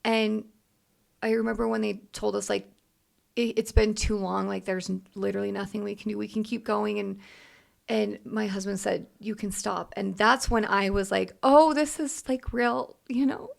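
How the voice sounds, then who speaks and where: A young adult woman, a podcast co-host, telling a heartfelt personal story in a halting way with many restarts. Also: mid-range voice, level tone, vocal fry.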